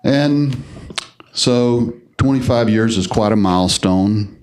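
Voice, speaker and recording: A man's voice: low-pitched, faint music behind. A man presenting service awards at a city council meeting, speaking unhurriedly with frequent fillers. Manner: unhurried, halting with many fillers. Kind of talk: formal ceremony remarks with casual asides. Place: council chamber.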